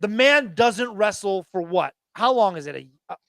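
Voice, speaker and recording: Male podcast co-host, 30s, high voice, dry close mic, animated swearing fan storyteller. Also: moderate pace, vocal fry, dry recording. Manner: excited, profane storytelling. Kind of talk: casual wrestling chat.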